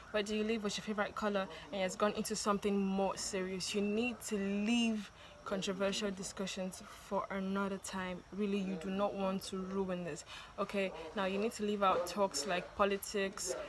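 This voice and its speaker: Woman vlogger, mid pitch, chatty and insistent, faint noise behind. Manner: chatty, repeats warnings with "okay?" and "please". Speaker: vlogger giving dating tips. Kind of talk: casual advice to camera.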